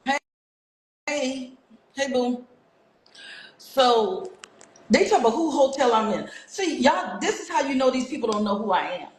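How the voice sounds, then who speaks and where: Woman, livestream host, confrontational, high-ish voice, echoey room, phone mic. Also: expressive, measured pace, pauses often. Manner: confrontational, fires repeated rhetorical questions. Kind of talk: casual livestream rant to viewers.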